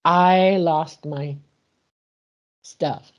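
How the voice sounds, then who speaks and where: A woman guest in an interview, retelling a personal experience in an animated way and acting out the dialogue. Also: sits low, very slow, lo-fi sound. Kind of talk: emotional personal storytelling.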